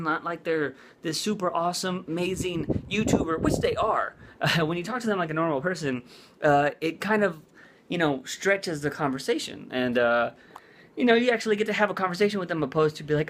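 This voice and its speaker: Rambling, slightly high-voiced male vlogger. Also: brisk, a bit bright. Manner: rambling, full of "like" and "uh". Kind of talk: casual chat.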